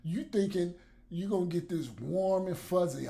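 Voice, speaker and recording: A man's voice: sits high, moderate pace, creaky, dark tone. A man vlogging blunt, profane commentary to the camera, with laughs between his points.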